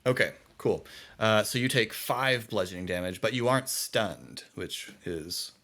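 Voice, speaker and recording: Low-pitched male game master, halting, self-correcting, casual. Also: lively intonation, bright, forceful tone. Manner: hesitant, corrects himself often. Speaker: dungeon master. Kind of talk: narrating a tabletop game.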